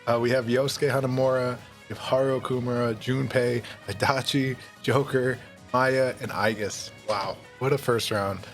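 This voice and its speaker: A man's voice: mid-range voice, normal speed, soft background music. Laughing young guy hosting a video. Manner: laughing, loose and excitable, swears. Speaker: video host. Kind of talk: casual commentary, reading a story aloud.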